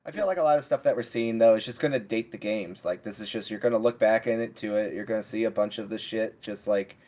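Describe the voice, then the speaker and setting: A man's voice: lowish voice, fast talker, a little mellow. Easygoing rambling podcast host, man. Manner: rambling, many fillers and restarts, easygoing. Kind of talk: casual podcast chat.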